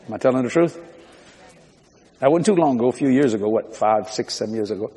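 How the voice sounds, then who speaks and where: Lively, folksy preacher man. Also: medium pitch, quick pace, long pauses. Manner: animated, folksy, laughing through stories. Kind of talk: humorous storytelling sermon. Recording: reverberant hall with live audience.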